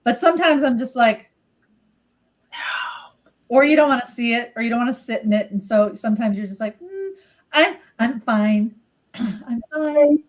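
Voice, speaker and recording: A middle-aged woman and healer in casual live chat, candid and animated, swearing casually and acting out her own inner voice. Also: fairly high pitch, normal speed, pauses often, poor audio. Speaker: co-host, healer.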